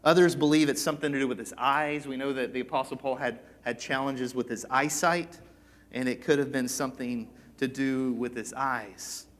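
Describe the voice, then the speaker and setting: A man's voice: mid-range voice, fairly even intonation, normal speed, fairly bright tone. A man preaching a sermon in a casual, conversational way that builds at times into impassioned pleading. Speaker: pastor.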